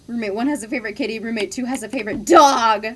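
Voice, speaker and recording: A woman's voice: on the high side, fast, breathy edge. A young woman chatting casually while streaming a game, laughing often and swearing offhandedly. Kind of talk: casual gaming stream chat.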